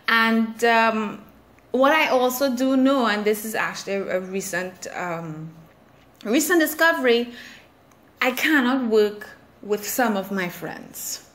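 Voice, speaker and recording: Woman podcast host, chill slow talker, candid and self-mocking, just musing out loud. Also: a little high, animated. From Trinidad and Tobago. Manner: candid, reflective, self-deprecating, laughs at herself. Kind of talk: casual solo podcast monologue.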